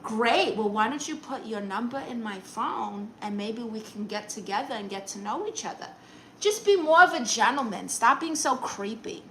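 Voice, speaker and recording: A woman's voice: a little high, lively intonation, moderate pace, pushed and bright, a little hiss or hum, rough recording. A woman comedian hosting a casual live stream, reading viewer comments in a sassy, teasing, chatty way. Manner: breaks into exaggerated put-on quote voices.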